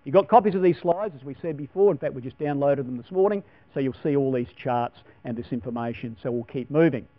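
A man's voice: mid-range voice, fast, hardly any pauses, no echo. A man preaching a Bible class sermon in a folksy, chatty way, asking his listeners questions. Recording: dull lo-fi sound with mains hum.

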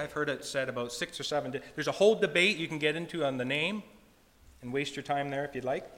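A man giving a sermon with a Hebrew word study, slowing down and lifting his voice to read scripture aloud. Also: mid-range voice, bright, forceful tone, big-room sound. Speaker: preacher.

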